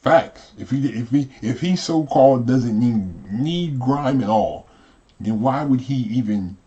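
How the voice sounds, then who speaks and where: A man hosting a reaction commentary, loose and conversational, who keeps throwing out rhetorical questions. His voice is mellow and dark, at an ordinary pitch for a man. The audio is dull and lo-fi. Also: lively intonation, measured pace. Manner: conversational, repeats himself, asks rhetorical questions. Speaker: host commentator.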